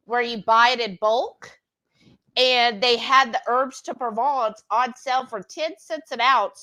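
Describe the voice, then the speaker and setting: Woman, high voice, chatty live-stream cooking co-host. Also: bright, forceful tone. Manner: chatty, reads comments aloud, laughs often. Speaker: cooking stream co-host reading viewer comments. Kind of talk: casual chat while cooking.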